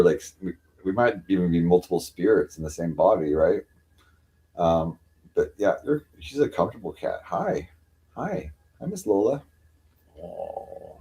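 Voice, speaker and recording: A man on a casual live stream at home, rambling with many fillers and cooing at his cats in a higher voice. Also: dark tone. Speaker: livestreamer.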